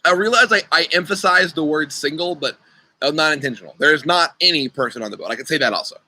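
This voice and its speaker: A man's voice: a little high, expressive, fast talker, pushed and bright, poor audio. A young man leading an online youth group, chatting casually and playfully while he runs a riddle game over a video call. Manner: chatty, playful, talks to kids by name. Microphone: computer mic on a video call.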